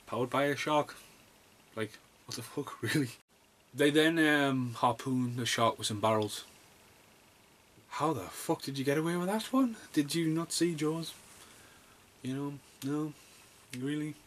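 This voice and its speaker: A man's voice: medium pitch, a bit bright, a little hiss or hum. A man giving a rambling, sarcastic and sweary review of a film. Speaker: movie reviewer. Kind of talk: casual comedic film review.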